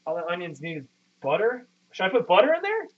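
A man's voice: high voice, wildly swooping pitch, fast talker. Profane, rambling man live-streaming his cooking. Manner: rambling, profane, self-deprecating, talks to chat. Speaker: streamer cooking while chatting with viewers. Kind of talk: casual live-stream chat. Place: home kitchen. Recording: muffled lo-fi stream audio.

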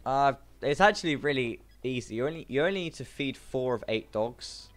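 A man chatting casually while co-playing a video game, excitable and quick to yelp and laugh. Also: mid-range voice. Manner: excitable, yelps and laughs at mishaps. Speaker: gamer co-playing a prison game. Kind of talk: casual gaming chat.

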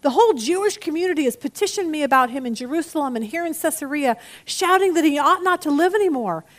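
A woman teaching a Bible study lesson in a chatty, animated way, acting out the people she quotes. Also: high voice, fast talker.

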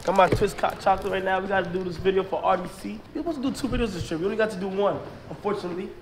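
A man's voice: sits high, rapid-fire, recorded from a distance. A young man vlogging on a trip, talking loosely and joking with his friends. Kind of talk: casual travel vlog. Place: hotel rooms and an indoor gym. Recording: roomy echo with loud background noise.

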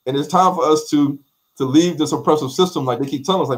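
A man with an African American English accent, a guest in an interview, telling stories in an animated way, repeating phrases and acting out quotes. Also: a little high, fast. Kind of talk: animated conversational storytelling.

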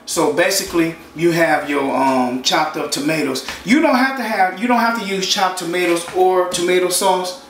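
Talking viewers through every step of his home cooking show, a man speaks casually in a high, slightly bright voice at a moderate pace. The kitchen echoes, the mic sits at a distance, and the pan sizzles and fries throughout.

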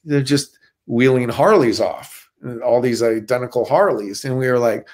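A man's voice: medium pitch, moderate pace. A middle-aged man, a stuntman guest, telling stories in a casual interview with lots of restarts. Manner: animated storyteller with many restarts.

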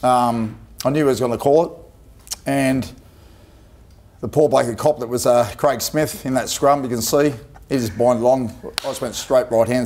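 A man's voice: mid-range voice, darkish tone. A middle-aged Australian man, a former player, spinning emotional, colloquial yarns as a guest on a sports panel. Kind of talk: TV panel anecdote.

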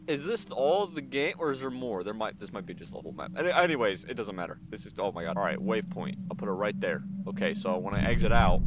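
A man hosting a gaming channel, giving excitable, chatty let's-play commentary and talking back to the characters in the game. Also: lowish voice, a little hiss or hum.

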